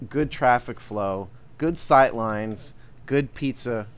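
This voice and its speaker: A man's voice: medium pitch, takes it slowly, smooth. A man co-hosting a casual sports podcast, giving blunt plain-spoken opinions. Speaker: podcast co-host.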